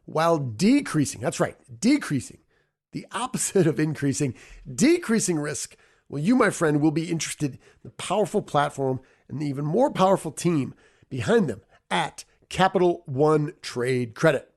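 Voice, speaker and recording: A man's voice: fairly high pitch, very animated, moderate pace, darkish tone. Playful, emphatic podcast host man. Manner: playful, emphatic, repeats for effect. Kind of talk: energetic podcast intro and interview.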